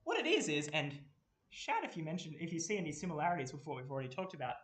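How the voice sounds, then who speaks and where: A man's voice: a little high, sing-song, fast, fairly bright tone. A young Australian man giving a casual, rambling workshop talk full of fillers. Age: young adult. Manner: chatty, rambling, many fillers. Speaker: workshop presenter. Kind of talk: casual lecture. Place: university lecture room. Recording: roomy echo, mic far off.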